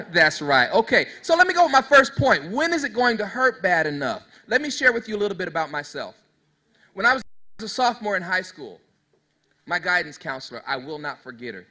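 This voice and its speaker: Animated man giving a motivational talk. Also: sits high, brisk. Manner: preachy call-and-response, talks straight to the audience; storytelling, folksy. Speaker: motivational speaker to youth. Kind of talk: motivational speech.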